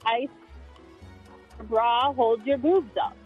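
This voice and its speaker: A woman calling in to a radio show, telling a funny story about her kids in a relaxed way. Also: on the high side, slow, breathy edge, soft background music. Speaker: caller. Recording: muffled phone line.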